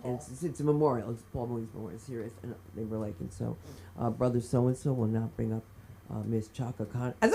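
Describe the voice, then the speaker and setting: Brassy woman comic, low voice, clear room noise under a club mic. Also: steady tone, quick pace. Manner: loud, brassy storytelling. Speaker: stand-up comic. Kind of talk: open-mic stand-up set. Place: comedy club stage.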